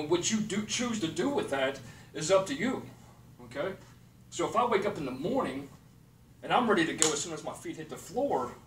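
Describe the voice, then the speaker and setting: Man, high voice, blunt and profane motivational rant, recorded from a distance with a faint hiss behind. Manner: blunt, profane, repeats "okay" and "period". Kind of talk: motivational monologue. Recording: echoey room, distant mic, faint noise.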